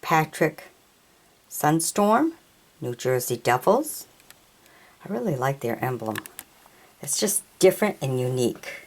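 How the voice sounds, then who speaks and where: A woman reading out players and teams from her trading card collection, sounding each name out haltingly and tripping over hard ones. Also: deep voice, big pitch swings. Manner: reads names haltingly, stumbles on pronunciations. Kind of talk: slow read-out of trading cards.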